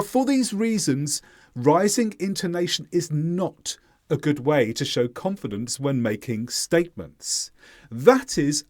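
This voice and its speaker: A male English teacher explains his lesson in a clear, deliberate way. His voice sits a little above average in pitch and swings up and down with animated intonation.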